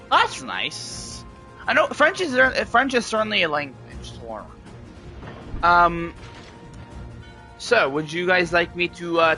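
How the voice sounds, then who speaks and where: Bright-voiced rambling male streamer. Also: fairly high pitch. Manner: rambling, restarts sentences, chatty. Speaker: game streamer. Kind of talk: casual live-stream chat.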